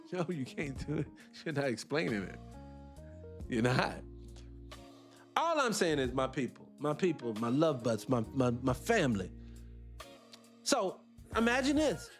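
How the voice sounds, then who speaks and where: A man's voice: mid-range voice, big pitch swings, measured pace, long pauses, faint music behind. A man hosting a live show, talking in a rambling, blunt and profane casual monologue. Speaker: host.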